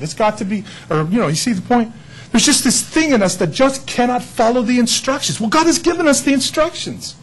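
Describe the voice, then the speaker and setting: A man's voice: very high voice, slightly rough, rough recording. A man preaching a sermon in church, a folksy and joking storyteller. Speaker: pastor.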